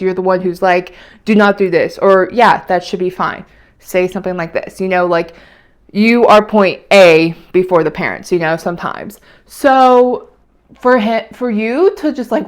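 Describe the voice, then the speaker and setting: Young female vlogger, chatty and emotional, rambles with fillers. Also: medium pitch. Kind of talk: casual weekly catch-up chat.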